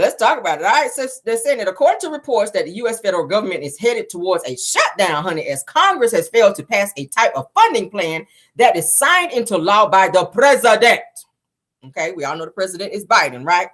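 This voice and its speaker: Sassy woman dishing celebrity gossip, voice bouncing all over, says honey a lot. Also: mid-range voice. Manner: sassy, animated, calls listeners child and honey. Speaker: gossip show host. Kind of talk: casual celebrity gossip commentary.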